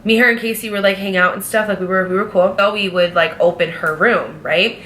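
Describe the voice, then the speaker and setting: A young woman vlogger telling a casual storytime, chatty and animated, full of fillers. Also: medium pitch, fairly quick, slight background noise.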